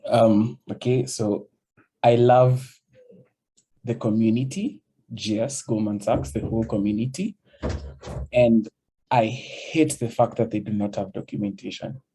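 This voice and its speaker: A man's voice: fairly low pitch, fairly even intonation, a little slow, long pauses, warm tone, breathy edge. A young man, speaking candidly as a panelist with hesitant starts. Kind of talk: casual panel talk.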